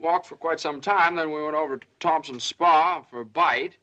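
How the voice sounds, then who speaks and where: An actor playing a flustered young newlywed son in a 1930s film, hesitant and stammering. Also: male voice, fairly high pitch, normal speed, pushed and bright. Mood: sheepish. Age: young adult. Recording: dull old film soundtrack.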